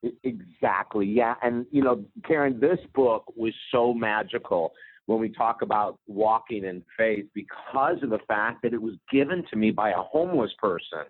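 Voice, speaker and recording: A man, a guest author, telling a story with lively energy in an interview. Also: fairly low pitch, moderate pace. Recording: tinny phone line, dry.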